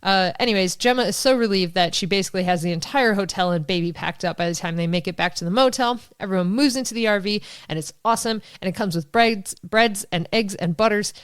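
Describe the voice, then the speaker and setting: Smooth-voiced woman podcast host. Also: medium pitch, no room sound, clean studio sound. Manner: rapid, animated storytelling with quick asides. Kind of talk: casual book-summary chat.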